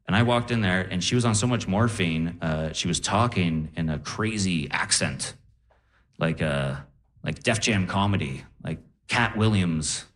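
A man performing a stand-up comedy set on stage, telling stories in an animated way and acting out voices. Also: low-pitched, moderate pace. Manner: animated storytelling with voiced impressions.

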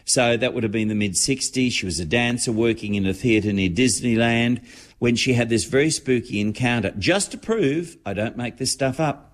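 A man's voice: mid-range voice, normal speed. A man chatting on radio as a regular entertainment correspondent, telling gossip stories. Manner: chatty, storytelling. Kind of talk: casual radio chat.

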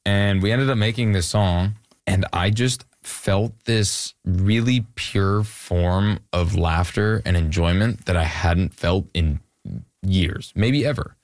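A man's voice: low-pitched, takes it slowly, no echo, clean studio sound. A young man in his twenties from Canada, a musician talking casually in a rambling way with lots of fillers. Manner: relaxed, rambling with many fillers. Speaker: musician guest. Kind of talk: casual interview chat.

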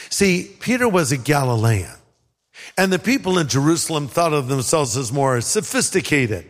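High-voiced man preaching in an echoing hall. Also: lively intonation, normal speed. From California. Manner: conversational preaching with dramatized quotes. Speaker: pastor. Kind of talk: sermon.

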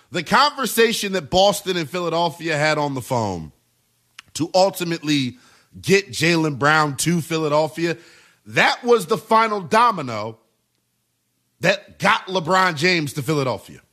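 Animated, high-voiced sports radio host. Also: male voice, a little slow. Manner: emphatic, repetitive, animated delivery. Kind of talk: sports talk radio monologue.

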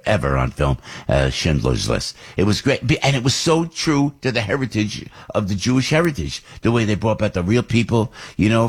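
A middle-aged man, talking as a radio host in a rambling monologue full of fillers, restarts and excited asides. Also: fairly low pitch, breathy edge.

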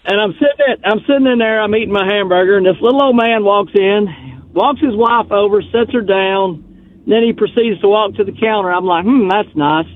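High-voiced man on a phone line. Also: moderate pace, no room sound. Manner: drawling, folksy storyteller. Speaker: radio caller. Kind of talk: casual phone-in storytelling. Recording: tinny dry phone line.

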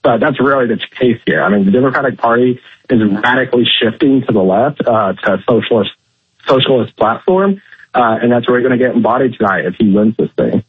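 Husky guy calling in over a thin phone line, steady, lots of uhs. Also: medium pitch, no room sound. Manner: measured, hedging with fillers. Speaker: phone-in political commentator. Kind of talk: talk radio phone interview. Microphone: telephone. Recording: tinny dry phone line.

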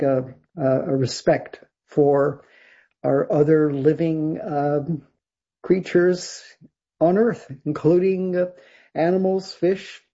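An older man from Canada, a guest songwriter and producer, telling stories in a rambling, husky way with many restarts and laughs. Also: a little high, warm tone. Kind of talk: casual interview storytelling. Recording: dull lo-fi sound.

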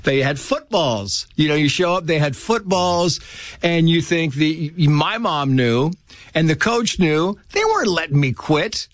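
A man chatting as a guest, telling lively stories and acting out the people in them. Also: on the high side, unhurried, no echo. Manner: animated, acts out quoted voices. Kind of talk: casual storytelling.

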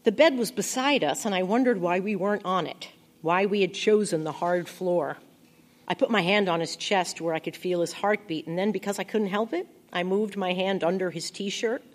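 A woman narrating a first-person audiobook in a quiet, intimate, reflective way. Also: on the low side, normal speed.

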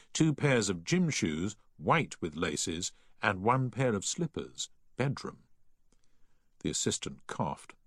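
A deep-voiced man reads a story aloud with a husky edge and a lively, rising-and-falling delivery. The studio sound is dry and close, with no room around it. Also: dry recording. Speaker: audiobook reader. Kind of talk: scripted story narration.

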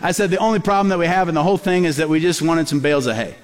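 A man's voice: fairly high pitch, racing, big-room sound. A man preaching a sermon as a pastor, telling stories and acting out quotes with animation. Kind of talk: sermon storytelling.

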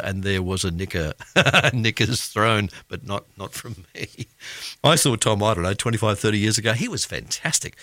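A man hosting an afternoon radio show, talking in a lively, bright voice. He chats and reads listener replies with a self-deprecating laugh. The studio sound is dry and close. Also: mid-range voice, dry recording. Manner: chatty, laughs at himself, reads listener messages. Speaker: radio drive show host. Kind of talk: casual radio chat. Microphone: studio microphone.

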